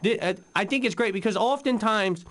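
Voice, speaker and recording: A man's voice: high-pitched, brisk, fairly bright tone. An actor playing a rambling, boozy male radio co-host on a comedic in-game talk station, telling a story full of fillers.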